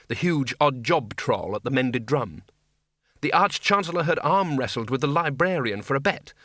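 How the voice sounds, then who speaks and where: A man narrating an audiobook in a wry, measured storytelling manner. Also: a little high, bright, forceful tone, no room sound, clean studio sound. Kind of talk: scripted narration.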